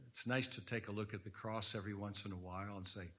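A man's voice: lowish voice, steady tone, quick pace, hardly any pauses, pushed and bright. A man preaching an earnest sermon in a church, quoting scripture and rising to emphatic points. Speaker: guest preacher. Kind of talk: sermon lecture.

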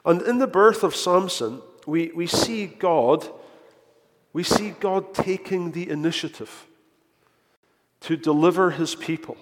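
A man's voice: sits high, a little slow. A man preaching a sermon in earnest tones, often repeating words as he builds a point, recorded in a church. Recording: echoey hall.

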